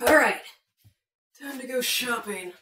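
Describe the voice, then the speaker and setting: A woman's voice: a little high, unhurried, lightly acted. A woman acting a wry, nervous housewife who talks to herself in a comedy drama. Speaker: actor playing a housewife. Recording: echoey room from far off, loud noise.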